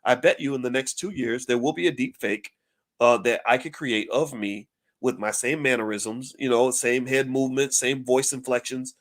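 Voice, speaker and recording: A middle-aged finance commentator speaks straight to camera in casual commentary, sounding animated and often repeating words as he works through a thought. His voice is medium-pitched at a normal speed.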